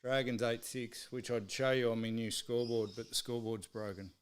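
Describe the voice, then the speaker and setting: A man's voice: medium pitch, steady tone, brisk, clear, resonant tone. A man with an Australian accent hosting a live sports stream, swearing freely as he tells exasperated stories. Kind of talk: casual ranting chat.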